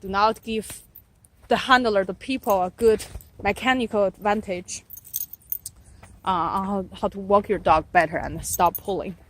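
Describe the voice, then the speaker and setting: A woman's voice: mid-range voice, steady tone, a little slow. A woman dog trainer giving casual advice while walking dogs outdoors, often tagging her points with "right?" and stopping to praise the dogs. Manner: keeps adding "right?" tags, breaks off to praise dogs. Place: outdoors on a walk.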